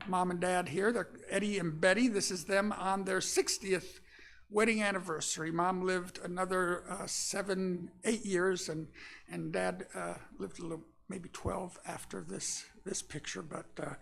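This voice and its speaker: An older minister from Florida, with a high voice and vocal fry, gives a personal storytelling sermon in a church sanctuary. He is relaxed and folksy, often pausing with fillers.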